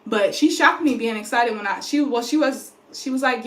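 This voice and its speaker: A woman's voice: a little high, a little fast. Chatty young woman in a roomy room. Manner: chatty, rambling, animated. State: pregnant, tired. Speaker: vlogger. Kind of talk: casual chat to camera. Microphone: phone. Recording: roomy echo.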